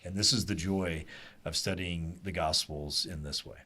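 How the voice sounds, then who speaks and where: Man, Bible teacher, casual small-group lesson, lowish voice, animated asides. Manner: animated, quick asides and rhetorical "right?".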